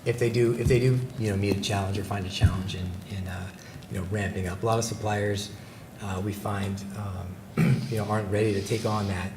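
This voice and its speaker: A man's voice: lowish voice, fairly even intonation, a little fast. A man giving a formal presentation at a public meeting, hesitant, with many fillers and restarts, on a table microphone in an echoey meeting room with background noise. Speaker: presenter for a company's supplier outreach.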